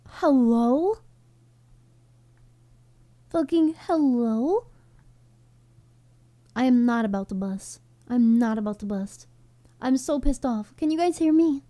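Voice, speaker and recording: High-voiced, unhurried streamer woman. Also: animated, warm tone. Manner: casual and profane, repeats her own phrases. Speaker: VTuber streamer. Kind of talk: casual livestream chat.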